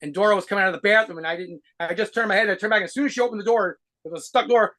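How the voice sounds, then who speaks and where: A man telling rapid, profanity-laced stories as a guitarist being interviewed. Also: high-pitched, sharp tone. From United States. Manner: rapid profane anecdotes with laughs. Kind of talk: fast storytelling interview.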